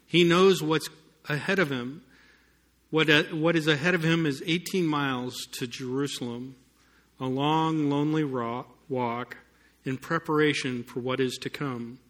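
Male preacher, slow and deliberate, slightly high and bright voice, storytelling sermon with emphatic peaks. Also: steady tone. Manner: storytelling, rising to emphatic peaks, some sarcasm. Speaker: pastor.

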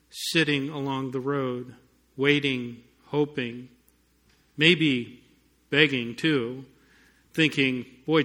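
Man, pastor, sermon, unhurried delivery, bright tone, emphatic storytelling. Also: medium pitch. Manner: storytelling, rising to emphatic peaks, some sarcasm.

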